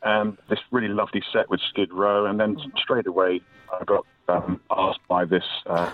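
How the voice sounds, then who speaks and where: A man's voice: sits low, little pitch movement, moderate pace. An English man, middle-aged, telling a long rambling anecdote and acting out the people in it. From England. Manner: rambling storyteller, many "anyway"s and acted quotes. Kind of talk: casual anecdote. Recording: tinny phone line.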